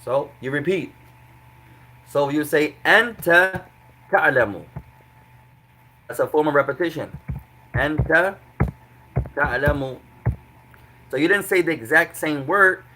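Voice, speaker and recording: A man's voice: fairly high pitch, pushed and bright, low-quality recording. A man teaching an Arabic grammar lesson to a class, explaining patiently and repeating examples.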